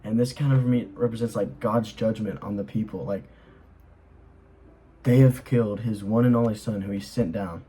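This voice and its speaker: A man's voice: fairly low pitch, steady tone, moderate pace, dark tone, a little hiss or hum, low-quality recording. A young man explaining a Bible chapter in a casual, earnest way, rambling with lots of fillers as he reads and comments. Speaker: Bible study host.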